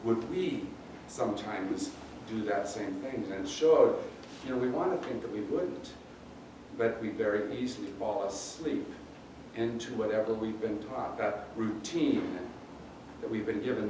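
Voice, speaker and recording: A man's voice: on the low side, expressive, background noise. Man preaching in a roomy church. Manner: conversational, halting with repeated words. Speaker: pastor. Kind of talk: sermon. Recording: roomy echo, distant mic, faint ambience.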